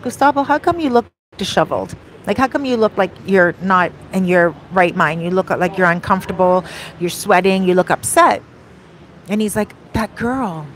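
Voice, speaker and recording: A woman speaks casually to her vlog audience, retelling a story with lots of animation. She acts out the quoted lines as she goes. Faint traffic and street sounds sit in the background. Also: medium pitch. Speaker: vlogger and rental host. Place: home in a beach town, outdoor traffic faintly behind.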